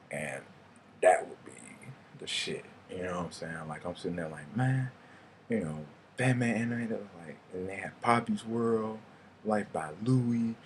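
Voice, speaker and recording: A man's voice: low voice, a little hiss or hum. A young man, telling rambling, casual stories and swearing freely in a vlog. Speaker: vlogger. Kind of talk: casual storytelling monologue.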